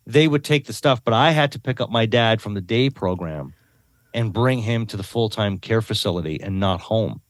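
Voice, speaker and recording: A man's voice: fairly low pitch, no echo. A man as a podcast guest talking earnestly in a casual conversation, often repeating words and adding tag questions.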